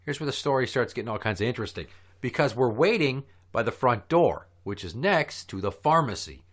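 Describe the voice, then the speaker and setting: A podcast host, a man, telling a long profane story in casual chat, animated and quick to curse. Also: mid-range voice.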